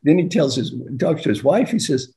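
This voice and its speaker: An older man, an executive coach, telling stories in an animated way and acting out dialogue with laughs. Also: fairly high pitch, moderate pace. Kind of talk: storytelling leadership talk.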